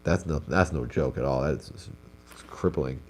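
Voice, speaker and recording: A man's voice: extremely low pitch, normal speed, a little hiss or hum. A young man, sounding congested, reads stories aloud on a live stream as host and breaks off for casual comments. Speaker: host reading viewer stories.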